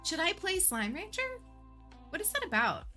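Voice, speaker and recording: A woman hosting a livestream, chatting casually and warmly with her viewers, emotional and laughing often. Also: very high-pitched, very animated, normal speed, faint music behind. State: emotional, near tears. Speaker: livestream host.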